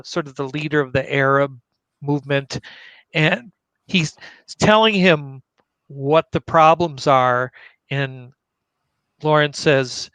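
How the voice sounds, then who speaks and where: A man hosts a casual live chat about movies, his voice a touch higher than average and bright. He speaks in a relaxed, recommending way. The sound is dry and close. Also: clear, resonant tone, no echo.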